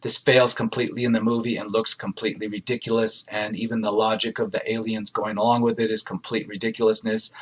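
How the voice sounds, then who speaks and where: A man hosting a show where he reads audience film reviews aloud and answers them with dry, sarcastic asides, filling pauses with ums. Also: fairly low pitch, flat delivery, husky. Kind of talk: casual commentary reading reviews aloud.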